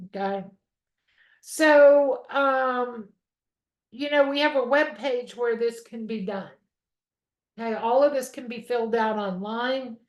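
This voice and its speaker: A female instructor with a slightly high voice teaches a real estate course at home, chatty and conversational, often checking in with "okay?". She goes slowly with long pauses. The muffled recording echoes, as if made in a roomy space.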